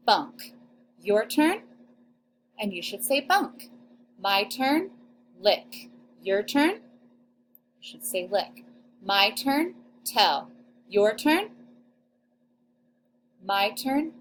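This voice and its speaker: A young adult woman with a fairly high voice leads a recorded phonics lesson for second graders. She sounds out each vowel and syllable slowly, stretching the sounds for small children. A faint hiss of noise sits under her voice. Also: very animated. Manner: slow, exaggerated sounding-out of syllables.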